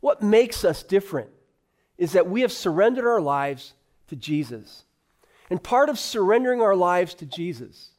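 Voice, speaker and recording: High-voiced pastor preaching. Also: male voice, darkish tone. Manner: earnest preaching with slow emphatic phrasing. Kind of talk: sermon.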